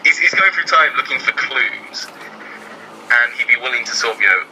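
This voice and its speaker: A man's voice: medium pitch, lively intonation, a little fast, bright, forceful tone, slight background noise, low-quality recording. A man talking as a guest writer in casual chat, hesitant and filling his speech with ums and "sort of".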